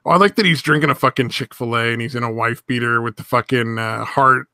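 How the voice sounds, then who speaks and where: A man's voice: mid-range voice, fast, sharp tone, dry recording, studio quality. A man from near San Francisco, chatting casually and profanely as a podcast co-host. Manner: loose, profane, rambling. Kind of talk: casual crude chat.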